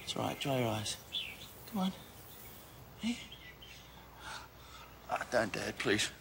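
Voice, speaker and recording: Easygoing son. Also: male voice, mid-range voice, sing-song, takes it slowly, creaky, noisy background, full character voice. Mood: soothing. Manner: chatty, gently coaxing, laughs often. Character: easygoing young man, devoted son. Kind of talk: film acting.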